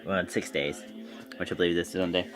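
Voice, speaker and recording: A man giving a casual, rambling recap of a wrestling show, excitable and swearing freely. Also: deep voice, a little fast, over music.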